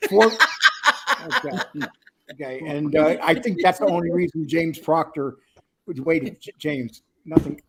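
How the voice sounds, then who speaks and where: A man's voice: on the high side, measured pace, a crowd in the background. A male livestream host chatting casually, joking and teasing as he reads the chat aloud.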